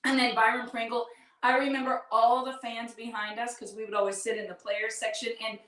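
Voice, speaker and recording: A middle-aged woman with a fairly high voice tells her own story earnestly and from the heart. She talks straight to her listeners as a podcast host. The sound is roomy and echoey, picked up from a distance. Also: level tone, a little fast, fairly bright tone. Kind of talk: personal storytelling to an audience. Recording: echoey room, distant mic.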